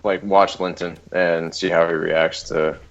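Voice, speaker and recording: A man's voice: sits low, level tone, unhurried, gravelly, muffled recording. A man playing a tabletop game, chatting casually about his character. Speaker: player.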